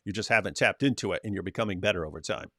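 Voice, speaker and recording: A man's voice: sits low, rapid-fire, no room sound, clean studio sound. A man co-hosting a casual livestream, reading viewer comments and joking with his co-host. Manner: animated, reads viewer comments aloud with mocking voices.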